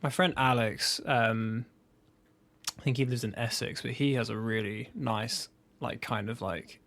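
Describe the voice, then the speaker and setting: Podcast co-host, English man, rambling and chatty, gravelly edge. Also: mid-range voice, steady tone, measured pace, fairly bright tone, no echo. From England. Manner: rambling, self-interrupting, laughs often. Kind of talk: casual chat.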